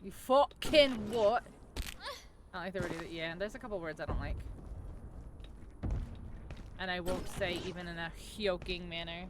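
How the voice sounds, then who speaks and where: A woman's voice: fairly low pitch, steady tone, fairly quick, long pauses. A woman streaming a survival game, chatting casually and jokingly with a friend. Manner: joking, giggly and blunt. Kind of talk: casual gaming chat. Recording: loud game noise behind.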